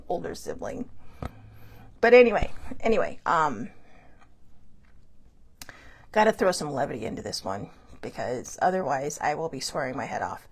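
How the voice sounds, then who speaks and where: Woman host, animated swooping pitch, rambling casual storytelling, fillers and laughs. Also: breathy edge. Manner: rambling, chatty, frequent fillers and restarts; animated, laughs between thoughts. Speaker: show host. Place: Hawaii show.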